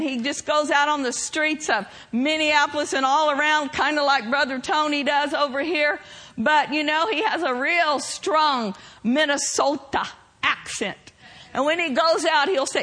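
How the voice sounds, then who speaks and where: A woman preaching a sermon, swinging between loud shouted lines and soft hushed ones. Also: high voice, lively intonation, a little slow.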